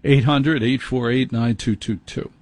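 Husky late-night radio host. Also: male voice, mid-range voice, fairly even intonation, measured pace, a little mellow, no room sound. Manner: self-deprecating, wry storytelling. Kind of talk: rambling comic monologue. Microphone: studio microphone.

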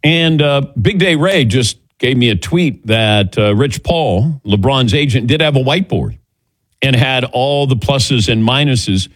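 A middle-aged man hosts casual sports radio chat, telling stories in an animated, medium-pitched voice at a measured pace. He acts out the voices of people he quotes, and the recording is dry and close-miked.

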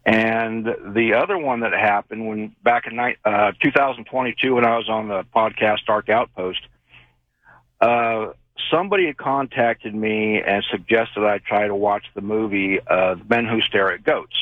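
A man's voice: on the low side, normal speed, dry recording. Guy calling in to a radio show, kinda rambly, lots of uh's, dry tinny phone sound. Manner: rambling storyteller, many fillers. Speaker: caller. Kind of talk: call-in radio story.

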